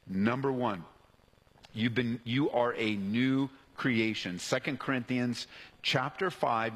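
A man's voice: medium pitch, fairly bright tone. Male pastor, mid-range voice, emphatic sermon delivery with fervent climbs and call-outs to the congregation; long hall reverb. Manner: emphatic, rising to fervent peaks; calls out questions to the congregation. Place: church sanctuary.

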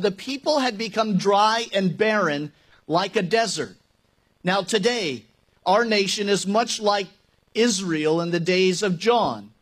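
A man's voice: high-pitched, a bit bright. A man preaching a sermon as pastor, talking conversationally and emphatically, asking rhetorical questions and joking with his congregation.

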